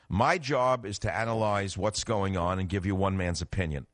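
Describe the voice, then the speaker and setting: Talk radio host, middle-aged man, lowish voice, dry studio sound, combative and emphatic. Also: no room sound. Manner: combative, emphatic, swings from low to loud outbursts. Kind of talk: political talk radio monologue.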